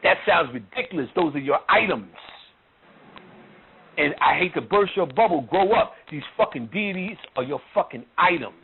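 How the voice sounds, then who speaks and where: Over a tinny, phone-like line with faint background noise, a gravelly male voice on the high side delivers a spiritual lecture. He covers occult and spiritual subjects bluntly and mockingly, swearing freely and using street slang, with lively intonation at a moderate pace.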